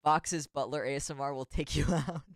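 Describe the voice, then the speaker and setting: A man's voice: on the high side, steady tone, moderate pace, no room sound, studio quality. A man streaming as a VTuber in casual chat, rambling and giggly with self-deprecating asides.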